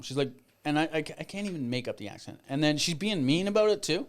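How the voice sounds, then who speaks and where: A man's voice: on the high side, lively intonation, fast. A man who is a comedian guest on a podcast, chatting casually and telling a story bluntly with plenty of swearing.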